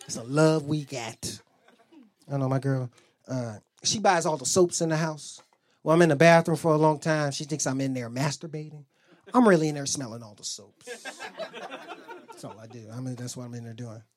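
A man doing a stand-up comedy set, telling brash, profane stories and acting out loud exchanges. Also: on the high side, expressive, normal speed. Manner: brash, profane storytelling with loud character bits. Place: comedy club stage.

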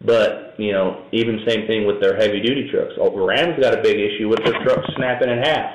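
A man's voice: lowish voice, steady tone, a little fast. A man talking casually and knowledgeably as an interview guest, in a loose, rambling, matter-of-fact way. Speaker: truck and camper towing expert guest. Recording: echoey room, faint noise.

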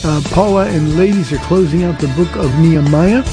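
Over music, an older pastor fields listeners' questions on a radio Q&A sermon, speaking briskly in a fairly high voice. He is plainspoken, often saying "uh" and repeating words.

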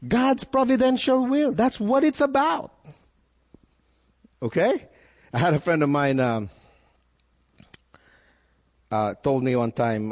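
A male pastor's high, gravelly voice moves slowly and very animatedly through a sermon, with frequent pauses. He puts questions to his listeners and repeats words to build his point, all in an echoey hall with long reverb.

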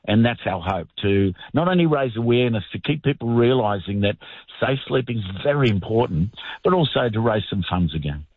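A man's voice: mid-range voice, lively intonation, dry recording. An older man, a guest in a radio interview, talking earnestly and plainly with small halts. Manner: earnest, plainspoken, slightly halting. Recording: tinny phone line.

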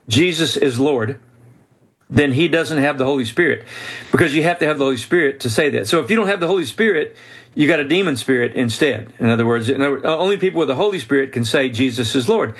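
Earnest male storyteller, slightly high voice. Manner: earnest, animated, frequent restarts. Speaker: author and guest. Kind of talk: storytelling in an interview.

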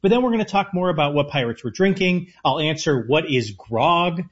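A man's voice: on the high side, expressive, fairly quick. A man co-hosting a casual radio food show, explaining things in an eager way. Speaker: co-host, chef. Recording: muffled lo-fi radio audio.

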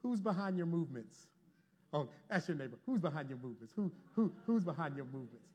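A man preaching a sermon to a congregation, calling for responses and swinging from loud to hushed. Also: fairly high pitch, big pitch swings, fast talker, slightly rough. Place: church before a congregation.

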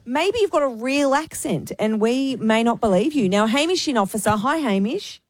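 A woman with an Irish accent hosting a casual radio show, hesitant and self-deprecating, quick to laugh. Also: on the high side, lively intonation, no echo. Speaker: radio host.

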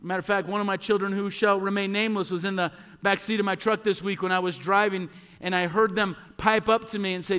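A man's voice: high-pitched, fairly even intonation, a little fast, sharp tone, big-room sound. A male pastor preaching a sermon to his congregation, earnest and repetitive, asking rhetorical questions. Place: church sanctuary.

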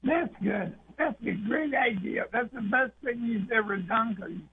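A man's voice: very high-pitched, normal speed, breathy edge. A man calling in to a radio show, brash and trash-talking about sports teams. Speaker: caller. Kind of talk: phone-in banter. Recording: tinny phone line.

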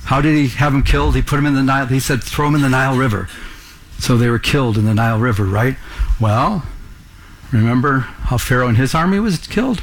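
A man's voice: medium pitch, animated, brisk. A man preaching a sermon to a congregation in the room, earnest, pressing them with rhetorical questions. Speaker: pastor.

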